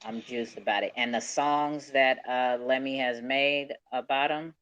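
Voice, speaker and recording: A man's voice: medium pitch, steady tone, a little slow, a bit bright, clear, resonant tone. A man hosting a casual live audio chat, laid-back and profane, laughing often. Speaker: host. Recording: dull lo-fi call audio.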